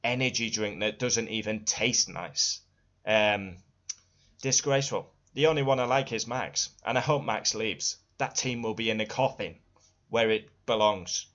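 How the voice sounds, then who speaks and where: A man's voice: fairly low pitch, measured pace, fairly bright tone. A young man ranting angrily and profanely as a motorsport fan vlogger, hammering the same complaints over and over. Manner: furious, profane, repetitive outbursts. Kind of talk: angry ranting vlog. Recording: dull lo-fi audio.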